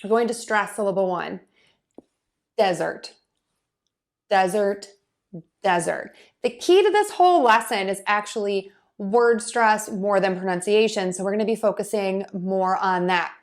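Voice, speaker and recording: A woman pronunciation teacher giving a casual lesson, explaining patiently and methodically with frequent pauses and fillers. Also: medium pitch.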